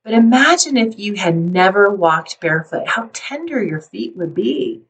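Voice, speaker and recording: A woman psychologist calmly explaining parenting and resilience, now and then acting out a worried parent. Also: mid-range voice, distant mic, low-quality recording. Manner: calm, explanatory, acts out worried parents in quick asides. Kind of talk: talking to camera about parenting.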